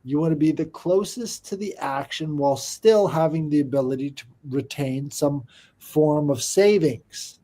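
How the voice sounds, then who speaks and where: Mellow-voiced man explaining ideas emphatically. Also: on the high side, normal speed. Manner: emphatic, explaining big ideas, checks if he is followed. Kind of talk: casual chat.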